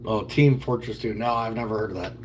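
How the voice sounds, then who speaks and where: A man's voice: on the low side, brisk, slight background noise. A man in his thirties chatting casually with viewers on a livestream, rambling and joking as he answers their questions. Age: 30s.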